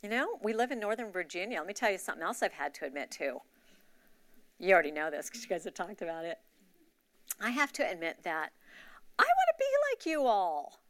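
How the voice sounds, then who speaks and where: A woman's voice: fairly low pitch, expressive, fast talker, fairly bright tone, no echo. A woman giving a candid, confessional personal testimony to her church in a conversational way. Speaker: church member sharing a testimony. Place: church gathering.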